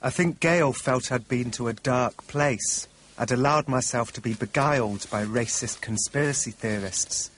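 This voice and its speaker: A man narrating a documentary in the first person, in a wry, measured way. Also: mid-range voice, a bit bright, slight background noise.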